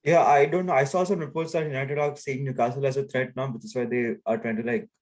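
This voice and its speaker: A man talking football as a podcast guest, breaking down tactics in a quick, opinionated way. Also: mid-range voice, fairly even intonation. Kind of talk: casual football chat.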